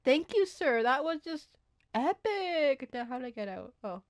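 Woman, high voice, excitable, gasping, casual gaming livestream chatter. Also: fairly quick. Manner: excitable, gasping, talks to herself while playing. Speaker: streamer.

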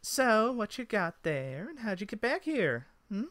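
A sly, teasing elf woman, as a game master puts her on, with coy, sing-song questions and a voice pitched well above a man's usual. She sounds bright and lively, in a dry, close recording. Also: unhurried, no echo, full character voice. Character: flirty female elf hostess, sly and teasing.

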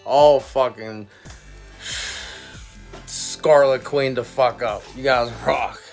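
A man casually chatting and reviewing his cannabis gear in a vlog, excitable and swearing constantly in slangy talk. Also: mid-range voice, slow, gravelly, faint music behind. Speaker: cannabis vlogger. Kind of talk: casual profane vlog chat.

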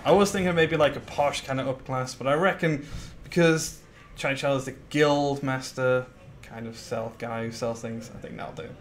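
Over a slight hiss or hum, this streamer talks at a moderate pace in a medium-pitched voice with fairly even intonation. He rambles casually about his intentions in the game, with lots of fillers and replies to viewers.

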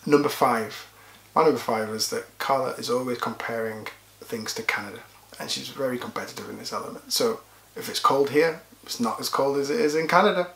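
A man's voice: mid-range voice, fairly quick, vocal fry, fairly bright tone. A man from the UK co-hosting a casual couple's vlog, dry and sarcastic. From UK, Yorkshire. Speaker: vlog co-host. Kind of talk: casual chat. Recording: echoey room.

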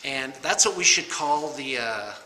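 Unhurried but animated, his medium-pitched voice has a sharp edge. The middle-aged painting studio owner chats casually over a noisy room recording, rambling and teasing himself as he unboxes miniatures.

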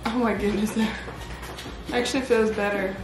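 A woman's voice: mid-range voice, fairly even intonation, moderate pace, over music. A young pregnant woman, a stay-at-home mom vlogging, chatting casually with her kids and laughing often. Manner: talks to her kids, laughs often, loose Southern-style casual speech. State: heavily pregnant, back pain. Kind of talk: casual family vlog chatter. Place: outdoors in a yard. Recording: noisy outdoor phone video. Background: outdoor ambience with kids playing.

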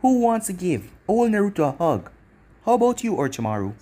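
A man's voice: high-pitched, big pitch swings, brisk, warm tone, voice pushed up. A man voicing a cruel, smug young male ninja who taunts his former friends with mocking chuckles.

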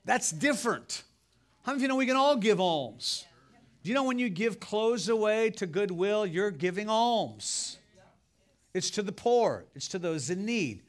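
A man preaching with a slightly higher voice than most men. He tells his sermon as folksy, animated stories and talks straight to the congregation. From United States. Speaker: pastor.

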